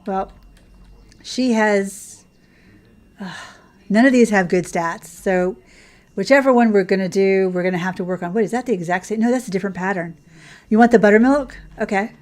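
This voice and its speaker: A woman's voice: medium pitch, moderate pace, long pauses, darkish tone. A woman hosting casual gameplay commentary, chatting in a rambling way and cooing at the horses on screen. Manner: chatty and rambling, coos at her horses, laughs often. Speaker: gaming channel host.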